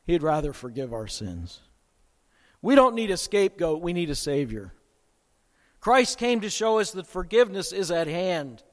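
A man preaching a sermon with dramatic swings in loudness and pace. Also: sits high, sing-song, normal speed. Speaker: pastor. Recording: long hall reverb.

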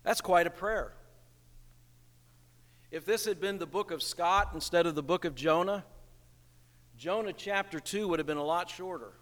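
A male pastor preaching a sermon in a church, slow and emphatic, asking rhetorical questions. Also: sits high, fairly bright tone, big-room sound.

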